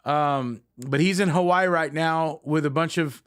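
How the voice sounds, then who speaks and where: A man's voice: on the high side, a little slow, fairly bright tone, clean tone. A middle-aged man and band frontman chatting casually and affectionately to viewers on a live stream, rambling with many fillers.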